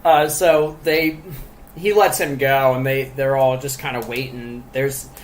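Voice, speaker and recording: A man co-hosting a casual movie podcast speaks a little slowly, with a medium pitch and steady tone. His rambling chat is full of laughs, fillers, and restarts, and the recording is low quality with slight background noise.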